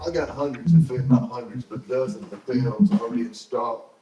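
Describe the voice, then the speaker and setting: A man's voice: mid-range voice, normal speed, dark tone, soft background music, rough recording. A man hosting a casual live-stream chat, rambling and correcting himself as he goes. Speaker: host.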